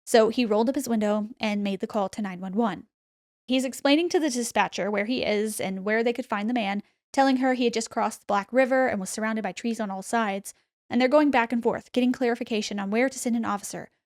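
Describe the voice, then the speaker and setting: Slightly high-voiced woman telling a story. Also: a little fast, no echo, clean studio sound. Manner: animated retelling, acts out quotes. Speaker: podcast host. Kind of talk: casual storytelling podcast.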